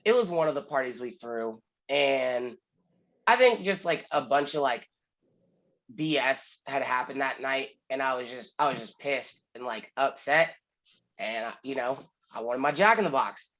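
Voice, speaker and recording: A man's voice: mid-range voice, normal speed, fairly bright tone, low-quality recording. A man, rambling casually through a story, full of "like" and acted-out quotes. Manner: rambling, lots of "like", acts out quotes. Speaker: podcast co-host telling a story.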